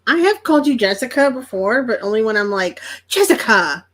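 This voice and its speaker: A woman's voice: a little high, animated, quick pace. A woman co-hosting a casual chat, telling stories in an amused, chatty way. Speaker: co-host.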